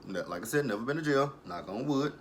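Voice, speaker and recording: A young man recapping a TV episode in a loose, animated way. He curses freely and keeps cracking up, and his voice sits at an ordinary middle pitch. There is a faint hiss in the background. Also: quick pace. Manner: profane, animated storytelling, frequent laughter. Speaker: TV episode reviewer.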